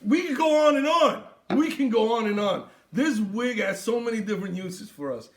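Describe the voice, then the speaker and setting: A man's voice: high-pitched, lively intonation, moderate pace. A young man hosting a comedic sports recap, boisterous and theatrical, with playful bits and mock toasts. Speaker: sports show host.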